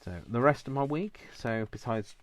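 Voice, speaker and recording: A man's voice: medium pitch, normal speed. A man in his fifties chatting casually and rambling with self-mocking asides while he does a craft project. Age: 50s. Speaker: craft vlogger.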